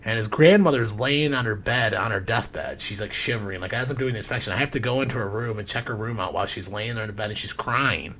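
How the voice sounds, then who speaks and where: A man who works as a home inspector tells a story in a casual, rambling podcast style, swearing often and clearing his throat. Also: lowish voice, quick pace, few pauses, a bit bright, a little hiss or hum.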